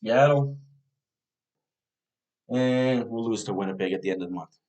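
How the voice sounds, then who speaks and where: A man's voice: on the low side, moderate pace, darkish tone. A man hosting a fan podcast, casually previewing a hockey team's schedule and thinking aloud as he talks.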